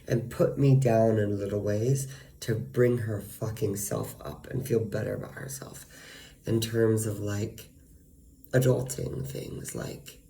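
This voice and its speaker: Gravelly low-voiced man ranting. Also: takes it slowly, warm tone, slight background noise. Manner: profane, ranting, frequent fillers. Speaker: vlogger. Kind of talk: casual venting monologue.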